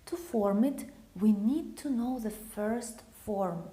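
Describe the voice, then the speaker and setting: A woman's voice: medium pitch, slow, dark tone. A woman with a Russian accent teaching grammar, patiently repeating example phrases. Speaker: language teacher.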